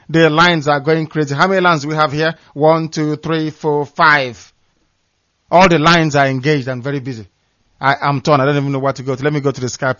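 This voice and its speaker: A man hosts a call-in radio show, his fairly high, slightly bright voice full of passion as he repeats words for emphasis. The recording is dull, lo-fi and dry, with no echo.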